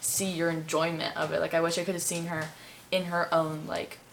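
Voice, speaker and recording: A woman's voice: lowish voice, little pitch movement, moderate pace, creaky, slight background noise. A young woman rambling in a casual group discussion, full of "like" fillers. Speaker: discussion participant.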